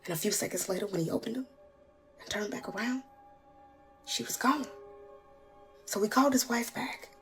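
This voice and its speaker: A woman telling a scary story in a casual, colloquial way, slipping into hushed whispers at the tense parts. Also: a little high, normal speed, pauses often. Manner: colloquial, chatty. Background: background music.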